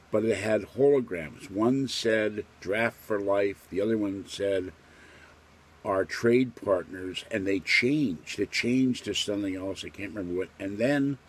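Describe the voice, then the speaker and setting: An older man with a very deep, husky voice tells a long, rambling story in a plain, matter-of-fact way. He pauses often, as if recalling details, in a casual vlog monologue. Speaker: vlogger recounting a dream.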